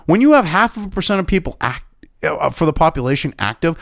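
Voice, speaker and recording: A man's voice: a little high, sing-song, quick pace, gravelly, dry recording, studio quality. A man from New Hampshire giving angry, sarcastic, profanity-laden political commentary.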